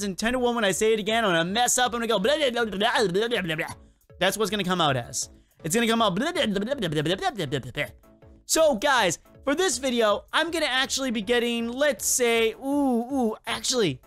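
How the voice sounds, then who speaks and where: A man hosting a casual let's-play video, talking in an excitable, rambling and self-mocking way as he comments on the game. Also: very high-pitched, clear, resonant tone. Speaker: gaming video host.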